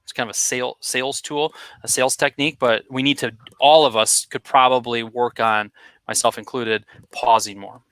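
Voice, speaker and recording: A man giving direct, energetic marketing advice as a guest expert, talking casually with quick asides. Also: medium pitch, smooth, no echo. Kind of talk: conversational coaching advice.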